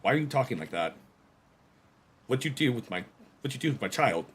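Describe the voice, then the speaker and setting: A man voicing a viewer's bewildered parent in a quick, incredulous aside. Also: medium pitch, big pitch swings, slight background noise, voice pushed up, close to an everyday voice. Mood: baffled.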